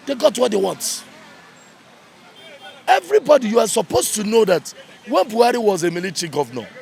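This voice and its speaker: A man's voice: high-pitched, gravelly. Heated Nigerian man ranting outdoors. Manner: heated, ranting, repeats points for emphasis. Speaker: street commentator. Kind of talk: angry street commentary. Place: outdoors in a busy urban street.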